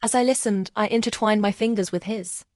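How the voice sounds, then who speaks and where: A woman narrating a first-person romance story in a calm, emotional storytelling manner. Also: mid-range voice, fairly quick, dry recording, clean studio sound.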